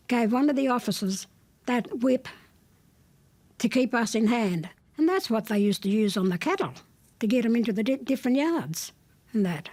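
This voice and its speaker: Blunt husky older Australian woman. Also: on the high side, darkish tone. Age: 70s. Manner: blunt, plain-spoken, with dry defiance. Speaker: interviewee recounting her childhood. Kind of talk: spoken testimony, plain storytelling.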